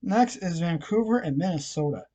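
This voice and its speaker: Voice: medium pitch, expressive, moderate pace, dark tone. A hockey vlogger with a frog in the throat and a nagging cough, casually running through scores, odds and picks with lots of fillers. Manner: chatty, many fillers, reads scores and odds. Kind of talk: casual sports picks rundown.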